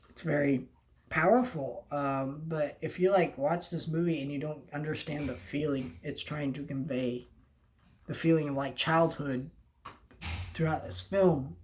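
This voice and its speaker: A young adult movie vlogger talks to camera in a rambling, halting way, often trailing off and starting over. The tone is earnest and heartfelt, at a middling pitch, with faint background noise in the room. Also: darkish tone. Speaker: film vlogger. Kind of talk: casual movie talk to camera.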